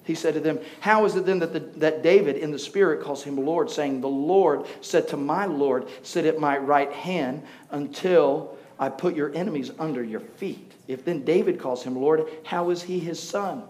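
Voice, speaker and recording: A man preaching to a congregation, joking with the crowd and building to loud, passionate preaching. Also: fairly high pitch, moderate pace, few pauses. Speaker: pastor. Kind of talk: sermon.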